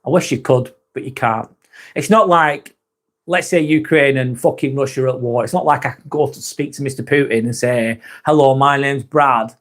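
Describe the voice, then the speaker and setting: A man's voice: medium pitch, moderate pace. A man hosting a casual live chat, reading viewer comments aloud, laid-back, laughing often and swearing freely. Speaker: livestream host.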